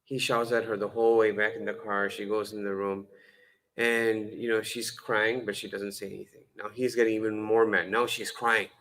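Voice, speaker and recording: A man's voice: on the low side, little pitch movement, normal speed, a bit bright, poor audio. Conversational male Islamic lecturer. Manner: conversational and humorous, frequent fillers and self-corrections; acts out dialogue with changing voices. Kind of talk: lecture-style sermon.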